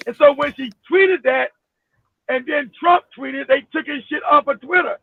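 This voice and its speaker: Very high-voiced man ranting over a phone line. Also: normal speed, vocal fry. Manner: emphatic, profane, bursts into shouting; repeats himself, many restarts. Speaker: live stream host. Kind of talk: heated live-stream rant. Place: home in Florida. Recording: phone-like, dry, narrow sound.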